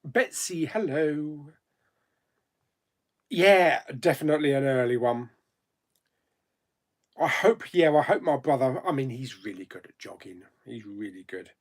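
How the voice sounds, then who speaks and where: A man's voice: mid-range voice, expressive, unhurried, long pauses. A man hosting a live chat stream, greeting viewers one by one by name in an easygoing, chatty way. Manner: easygoing, thinks aloud with ums and asides.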